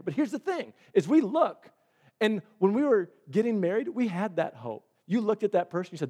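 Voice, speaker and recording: Higher-voiced man preaching conversationally. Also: very animated, fairly quick, a little mellow. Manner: conversational storytelling with repeated restarts. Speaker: pastor. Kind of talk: sermon.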